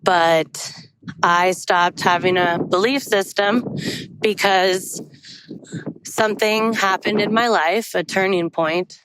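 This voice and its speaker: A woman's voice: mid-range voice, fairly even intonation, slow, noisy background. A woman telling a candid, rambling story into her phone while hiking on an outdoor forest trail. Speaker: vlogger. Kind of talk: casual storytelling vlog. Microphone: phone held while walking.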